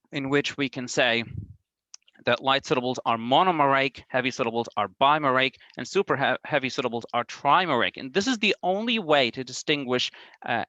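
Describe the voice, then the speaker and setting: A man delivering an academic linguistics talk in a bright, clear voice. He explains step by step, pausing on ums and restarting phrases now and then. The sound is close and dry, with no room around it. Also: medium pitch, dry recording, low-quality recording. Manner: careful, measured, with frequent um and uh fillers and restarts. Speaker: academic presenter.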